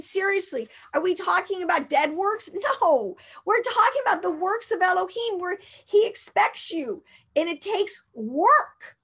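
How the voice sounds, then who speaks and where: A woman's voice: sits high, a bit bright. A woman giving an informal Bible teaching, rambling and emphatic, with frequent restarts.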